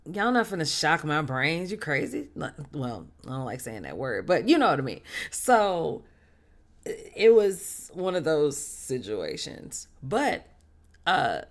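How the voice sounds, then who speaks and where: Animated casual streamer telling a story. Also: mid-range voice. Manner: animated, expressive, with slang.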